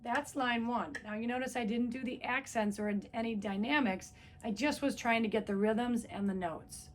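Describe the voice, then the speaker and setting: A woman's voice: fairly high pitch, normal speed. A woman music teacher giving a patient, step-by-step trumpet lesson, counting beats aloud. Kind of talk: instrument lesson video.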